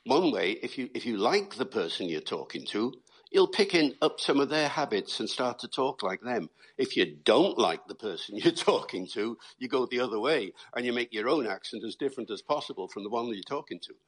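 Husky-voiced British man explaining accents. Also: medium pitch, animated, brisk. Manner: storytelling, lecturing. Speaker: guest linguist. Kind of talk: explanatory interview talk.

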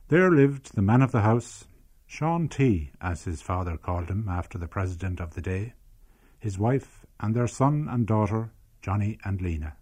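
A middle-aged Irish man, a radio producer, reading his childhood memoir in a measured, lyrical way. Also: fairly low pitch, a little mellow. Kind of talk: scripted memoir narration and on-location chat.

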